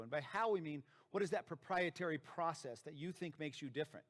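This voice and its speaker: A man's voice: a little high, animated, fairly quick. A man with a slightly raised voice delivering a motivational presentation. He speaks emphatically and leans on repetition to drive his points home. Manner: emphatic, repeats key phrases for effect. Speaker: dentist and practice founder giving a talk.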